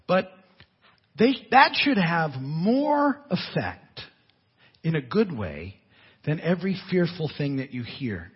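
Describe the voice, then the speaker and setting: A man preaching a sermon as a pastor, in an animated, conversational way with asides and laughter. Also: a little high, slow, breathy edge, highs cut off.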